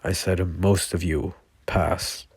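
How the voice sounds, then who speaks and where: Brief: blunt strict male teacher, read by a man, low flat gravelly voice. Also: slow pace, no echo, clean studio sound, exaggerated voice. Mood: stern.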